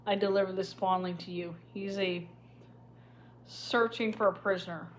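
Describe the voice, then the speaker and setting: A woman's voice: medium pitch, steady tone, normal speed, a little hiss or hum, lightly acted. A woman voicing a blunt, impatient young man who talks in short, snappish bursts. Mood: curt. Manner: snappish, curt.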